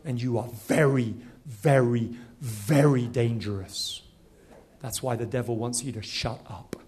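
A man from Nigeria preaching a sermon, telling a story quickly and animatedly, then dropping to quiet, earnest exhortation. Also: medium pitch, a little hiss or hum.

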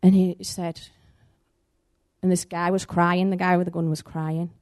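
Woman preacher, conversational church talk that slips into acting out the people in her story. Medium pitch, lively and chatty. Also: unhurried. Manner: animated, conversational, acts out the story's voices. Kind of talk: sermon with storytelling.

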